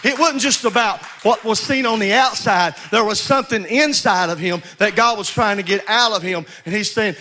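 A man's voice: high voice, normal speed, few pauses, pushed and bright. A male pastor preaching a sermon. He exhorts the congregation, calls for responses, and often repeats words.

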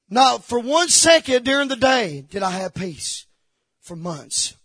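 Husky high-voiced male preacher, shouting. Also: sing-song, measured pace, no echo. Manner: shouting, dropping to hushed confessional tones; emphatic, repeats phrases. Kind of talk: sermon.

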